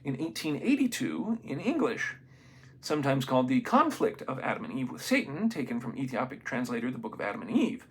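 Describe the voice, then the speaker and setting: A man reading a book aloud in a casual, unprofessional way, stumbling over names and adding excited comments of his own. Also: mid-range voice, slightly rough. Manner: reads haltingly, stumbles on names, adds excited asides. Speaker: amateur reader of a book.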